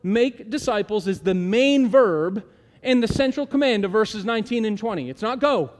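Man, middle-aged, pastor, sermon, high-pitched, conversational, emphatic, long hall reverb. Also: darkish tone. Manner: conversational, asks the congregation to repeat lines aloud; emphatic, slows down on key words.

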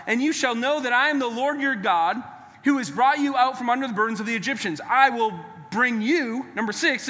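A man's voice: sits high, sharp tone, in a large hall. A man preaching a sermon in an emphatic, conversational way, calling on listeners to repeat lines back. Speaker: pastor.

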